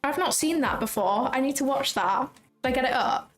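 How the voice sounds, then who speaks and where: A woman's voice: high-pitched, expressive, brisk. A young woman hosting a casual livestream, chatting in an effusive way and often saying "like" and "um". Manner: chatty and effusive, drops in lots of "like" and "um". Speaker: trading livestream host. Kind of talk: casual livestream chat, reading out viewer comments. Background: faint background music.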